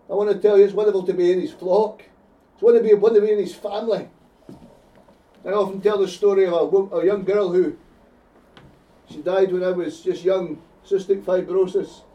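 Fervent Scottish preacher in an echoey hall. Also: male voice, sits high, warm tone. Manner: fervent, repeats phrases for emphasis. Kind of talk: evangelistic sermon. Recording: echoey hall, heard from a distance.

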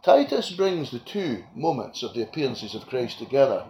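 A man preaching a sermon with passion, swinging between loud declarations and quiet asides. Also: mid-range voice, big pitch swings, normal speed. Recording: echoey room with faint ambient noise.

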